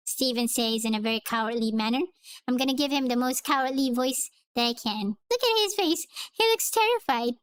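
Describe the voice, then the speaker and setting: Casting: woman, comic read-along host, bright high voice, tiring, dry close sound. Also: expressive, brisk, smooth, no room sound. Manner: playful, chatty asides between acted lines. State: voice getting tired. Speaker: comic reader.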